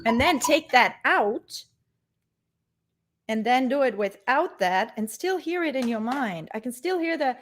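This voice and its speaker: A woman teaching bass in a live-streamed lesson, talking informally and laughing easily as she answers viewers. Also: expressive, unhurried, soft background music.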